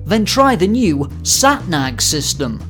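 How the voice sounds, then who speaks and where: A man putting on a cheesy radio ad announcer with a bright, salesy pitch. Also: very animated, slow, soft background music, heavily acted.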